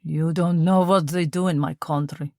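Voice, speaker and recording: A woman voicing a stern, bitter male Russian army officer who speaks cold, forceful broken speech with a Russian accent. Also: fairly low pitch, slow pace, dry recording, studio quality.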